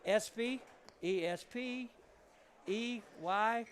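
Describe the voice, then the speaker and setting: Male pool commentator, high voice, chatty yarn-spinner in the booth. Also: extremely slow, a little hiss or hum. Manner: chatty, joking storyteller.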